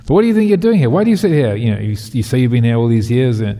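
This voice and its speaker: A quick-tempered, restless king, as a male storyteller puts him on, with a rough gravelly voice pushed a little higher than usual. His delivery is dark and mellow, and it rings with a long hall reverb. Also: little pitch movement, natural voice. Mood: angry. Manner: shouting accusations, demanding. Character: impatient, reactive, hot-tempered ancient king.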